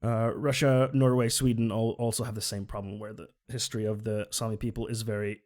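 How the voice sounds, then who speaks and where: Reacting to a video on stream, a man from Finland talks earnestly and briskly in a fairly low, slightly mellow voice with little pitch movement. His casual commentary is full of self-corrections.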